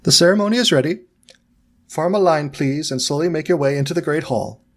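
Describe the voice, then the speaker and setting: A man's voice: a little high, fairly quick, voice pushed up, close to an everyday voice. Man voicing a stern older schoolmistress. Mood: stern, formal. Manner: crisp, formal, stiff. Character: stern older woman teacher, imperious.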